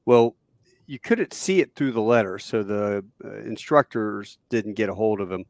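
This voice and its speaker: A man in his fifties hosting a podcast, chatting casually and telling stories with a relaxed, laughing manner. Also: fairly low pitch, moderate pace, vocal fry, no echo. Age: 50s. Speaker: podcast host. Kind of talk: casual conversation.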